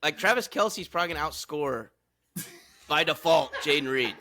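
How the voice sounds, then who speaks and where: A man co-hosting a casual live fantasy football draft, excitable and quick to exclaim. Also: on the high side, background noise. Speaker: podcast co-host.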